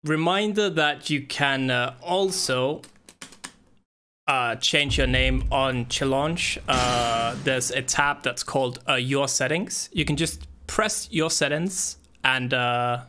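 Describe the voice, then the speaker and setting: A young man with a bright, forward voice runs a gaming tournament stream. He talks loosely and rambles, swearing often and leaning on fillers, at an ordinary middle pitch. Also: slight background noise. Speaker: tournament organizer and stream host. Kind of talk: casual livestream chat.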